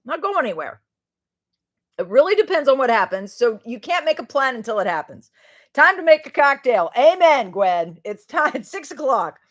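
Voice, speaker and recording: With a fairly high, widely swinging voice and a fairly quick pace, a middle-aged woman hosts a casual livestream. She rambles loosely, laughs a lot, and lets sentences drift off before starting fresh ones.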